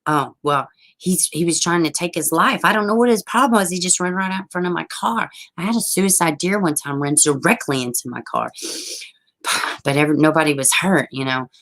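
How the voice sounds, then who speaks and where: A woman with a low, deep voice, chatting on her own livestream. She tells a wild story with lots of swearing and laughter, and reads out viewer comments along the way. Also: fairly quick, low-quality recording. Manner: animated, profane, laughing often. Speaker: livestream host. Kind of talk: casual storytelling and chat.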